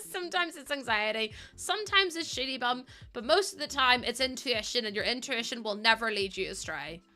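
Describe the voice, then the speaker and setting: A woman's voice: a little high, lively intonation, moderate pace, sharp tone. A young woman chatting casually and rambling while she streams a game, often breaking into giggles. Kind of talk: casual chat while gaming. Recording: music playing behind.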